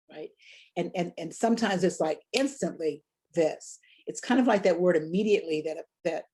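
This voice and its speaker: Woman workshop leader, warm and low, reflective teaching with rhetorical questions. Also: breathy edge. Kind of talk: teaching on sermon delivery.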